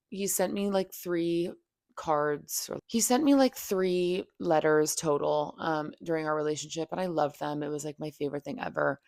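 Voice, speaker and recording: A woman's voice: deep voice, vocal fry, a little mellow, no room sound, clean studio sound. A young woman hosting a podcast, telling a personal story in a candid, venting way with lots of filler words and swearing. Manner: heavy "like" fillers, profane, venting. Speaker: podcast host.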